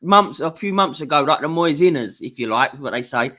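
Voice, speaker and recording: Male co-host, high bright voice, rambling chatter. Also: lively intonation, fairly quick. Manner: chatty, rambling, laughs a lot. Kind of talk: casual football chat.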